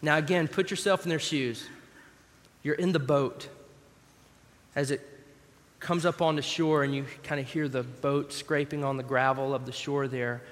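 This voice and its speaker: A man's voice: on the high side, fairly even intonation, normal speed, long pauses. A man preaching a sermon in a conversational way, acting out scenes from scripture as he reads. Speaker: pastor. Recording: long hall reverb.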